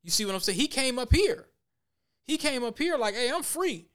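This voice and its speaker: A man hosting a casual talk show, blunt and profane, telling stories with animated quoted voices. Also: very high voice, a little fast, smooth.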